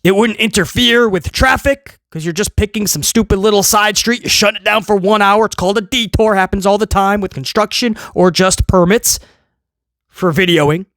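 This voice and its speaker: A man's voice: high voice, normal speed, a bit bright, dry recording, studio quality. A man hosting a casual video review, ranting in a sarcastic, exasperated way and rambling with many restarts. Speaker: wrestling show reviewer, host.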